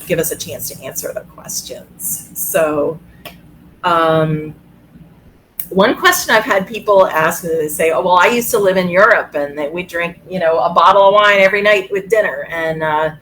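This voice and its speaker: A woman's voice: lowish voice, fairly bright tone, slight background noise, poor audio. A woman doctor hosting a webinar in casual talk, easygoing, with many fillers and restarts. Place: video call.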